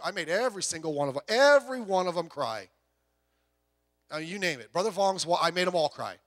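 This middle-aged pastor has a high, animated voice and talks fast as he preaches a story-filled sermon. He moves sharply between quiet asides and shouting, frequently stammering and repeating himself.

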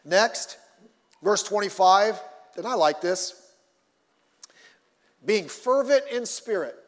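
A male pastor preaching a sermon in an animated way, repeating himself and swinging between loud and soft. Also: high-pitched, takes it slowly, big-room sound.

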